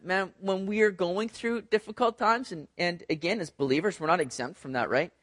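A middle-aged man preaching a conversational sermon, animated, talking to the congregation with asides and acted-out quotes. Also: on the high side, no echo, studio quality. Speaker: pastor.

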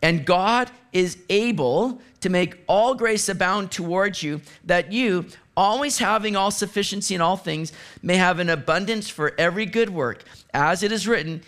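A man preaching a sermon as pastor, animated, moving from hushed asides to excited exclamations. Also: high voice.

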